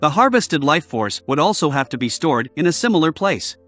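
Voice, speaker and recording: A man's voice: a little high, very animated, brisk, fairly bright tone, faint music behind. A male narrator voicing a confident, teasing young male investigator in an audiobook, with an easygoing, playful manner.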